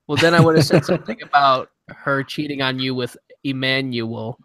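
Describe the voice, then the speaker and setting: A man's voice: mid-range voice, normal speed, fairly bright tone, dry recording, rough recording. A young man co-hosting a podcast, goofy and jokey. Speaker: podcast co-host. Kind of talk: casual chat.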